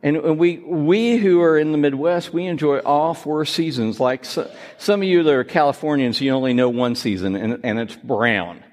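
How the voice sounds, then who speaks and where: A man preaching a sermon, telling jokes and gently teasing himself and his listeners. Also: a little high, normal speed. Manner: joking, self-teasing, lively. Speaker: pastor. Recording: reverberant hall.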